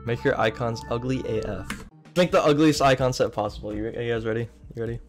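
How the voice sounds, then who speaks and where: A young man streaming a video game, chatting with viewers and reacting loudly as he plays. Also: mid-range voice, fast talker. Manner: excitable, yelps and laughs while playing. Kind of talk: casual gaming stream chat. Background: game music.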